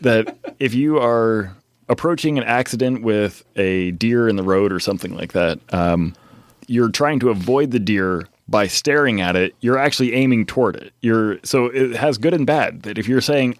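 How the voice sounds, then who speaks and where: Halting man searching for his words. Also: medium pitch, dry recording, studio quality. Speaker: startup founder, podcast guest. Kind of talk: casual interview chat.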